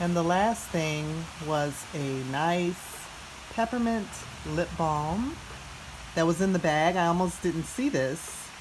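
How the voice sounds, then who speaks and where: A woman vlogging as she unboxes a gift at home, talking softly and gushing with gratitude. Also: on the low side, lively intonation, noisy background. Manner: slow, soft-spoken and gushing with gratitude. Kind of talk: casual unboxing narration.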